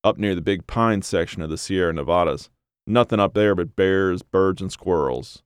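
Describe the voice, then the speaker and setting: A man doing a gravelly, gruff old man. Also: sits low, normal speed, dry recording, clean studio sound, close to an everyday voice. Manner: gruff, curt replies. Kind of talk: audiobook character voice.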